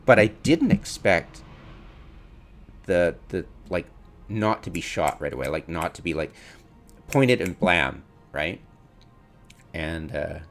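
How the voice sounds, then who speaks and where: A man commenting on his own gameplay, mocking his mistakes, laughing often and acting out his inner voice. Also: rumbling low. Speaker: gamer streamer.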